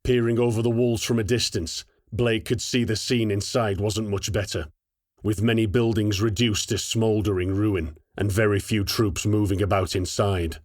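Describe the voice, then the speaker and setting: Man, low voice, steady audiobook narration, very dry studio sound. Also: normal speed, no room sound.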